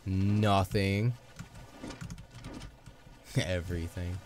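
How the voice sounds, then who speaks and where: A man's voice: deep voice, expressive, moderate pace, darkish tone. A young man giving casual, chatty commentary while playing a video game, upbeat with playful asides. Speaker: let's play host. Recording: music playing underneath.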